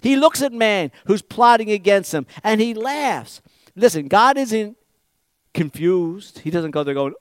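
A man's voice: high-pitched, lively intonation, measured pace, no room sound, studio quality. A middle-aged man preaching a sermon, acting out quotes with big swings in volume. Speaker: pastor.

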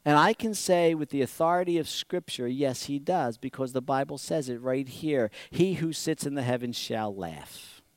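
A man's voice: medium pitch, moderate pace, dry recording, studio quality. A middle-aged man preaching a sermon, acting out quotes with big swings in volume. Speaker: pastor.

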